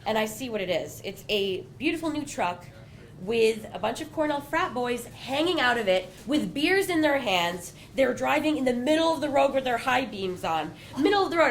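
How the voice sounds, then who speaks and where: Young woman, fairly high voice, casual live storytelling, self-mocking asides, stage mic. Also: animated, moderate pace, slight background noise. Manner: conversational, self-mocking, full of "you know" and "like". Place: small bar venue with live audience.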